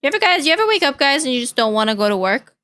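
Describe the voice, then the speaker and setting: A woman's voice: high-pitched, big pitch swings, very fast, bright, forceful tone. A young woman streamer chatting casually and playfully with her viewers, caring and chatty. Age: young adult. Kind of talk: casual reaction-stream chat.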